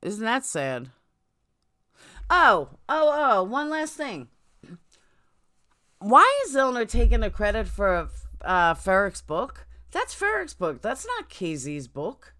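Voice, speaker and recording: A woman's voice: on the high side, wildly swooping pitch, slow pace, bright, forceful tone. A middle-aged woman with a New York accent hosting a casual livestream chat from home, blunt and chatty, jumping between topics. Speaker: livestream host. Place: home, indoors.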